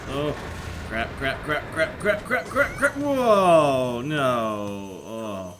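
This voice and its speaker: A man doing casual let's play commentary at home, rambling and chatty, sometimes yelling at the game. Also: medium pitch, very animated, drawn-out words. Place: apartment room at home with thin walls. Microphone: desk microphone. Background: video game music.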